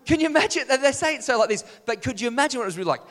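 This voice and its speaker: High-voiced preacher in a reverberant hall. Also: male voice, very fast. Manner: animated, rhetorical questions to the congregation. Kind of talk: sermon.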